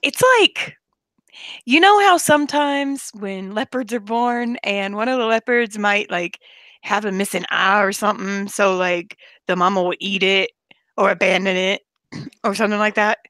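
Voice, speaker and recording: A woman's voice: mid-range voice, normal speed, a bit bright, no echo. A woman hosting a late-night livestream, tired after hours of streaming, rambling and goofy with frequent giggles. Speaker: livestream host. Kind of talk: late-night casual chat.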